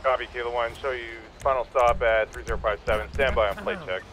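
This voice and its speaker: A man's voice: medium pitch, quick pace, a bit bright, a little hiss or hum. A man playing a police dispatcher in a roleplay game, reading out procedural calls. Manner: crisp, procedural.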